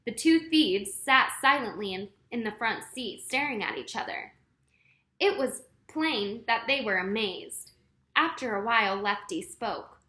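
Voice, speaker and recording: A woman reading a children's chapter book aloud, unhurried, fixing her own slips as she goes. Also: on the high side, expressive, sharp tone, roomy sound. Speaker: story reader.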